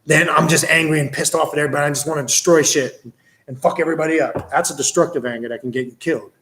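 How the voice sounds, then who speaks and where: A man with a voice on the higher side hosts a casual livestream and answers viewers' questions as they come in. He talks bluntly and swears freely. When he tells a story he gets animated and plays out the scene. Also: rapid-fire, echoey room, slight background noise.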